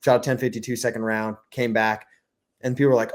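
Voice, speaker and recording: A young man chatting casually as a podcast guest, telling stories fast and slipping into mimicked quotes. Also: medium pitch, flat delivery. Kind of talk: casual chat.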